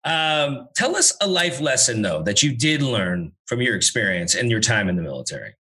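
A man's voice: mid-range voice, sing-song, moderate pace, sharp tone. A man hosting an interview, asking questions with playful, sarcastic asides. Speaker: interview host. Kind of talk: casual interview chat.

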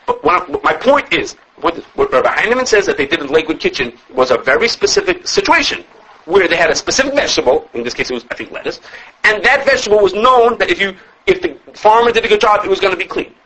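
A man's voice: high voice, big pitch swings, fast talker, sharp tone, breathy edge, low-quality recording. A man teaching a classroom Talmud lesson. He explains animatedly, restarting phrases and checking in with the students. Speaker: Torah teacher.

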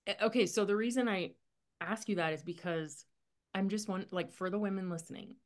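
A woman hosting a faith podcast, thinking aloud in a halting, searching way with many restarts as she asks her guest questions. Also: medium pitch. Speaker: podcast host; women's ministry mentor. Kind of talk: faith-based casual conversation.

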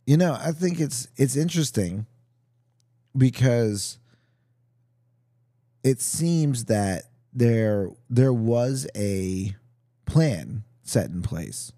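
Mellow-voiced man musing over scripture. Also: on the low side, dry recording, clean studio sound. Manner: thoughtful, halting, musing aloud. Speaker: podcast host. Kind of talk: Bible reading and casual reflection.

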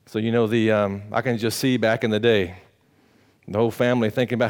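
A male pastor preaching a sermon, moving between loud, high-pitched exclamations and quiet, low appeals, with casual rhetorical questions to the congregation. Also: brisk.

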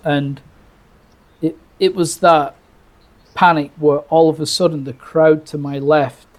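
British man telling a lively birding story. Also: a little high, measured pace. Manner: animated, restarts often, acts out quoted lines. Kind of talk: casual storytelling.

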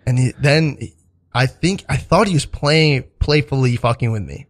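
A young male comedian in casual podcast chat. His voice sits in an ordinary middle pitch, and he tells stories in loose, rambling runs, packed with swearing, filler words and restarts. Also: moderate pace. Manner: rambling, profane storytelling with many fillers. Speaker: stand-up comedian and podcast host.

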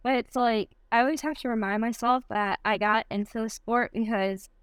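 A woman's voice: on the high side, fairly even intonation, moderate pace, clear, resonant tone, no room sound. A young woman from Michigan with a Michigan accent, chatting casually as a podcast guest, upbeat and laughing often. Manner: upbeat, giggly, many likes. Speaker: guest athlete.

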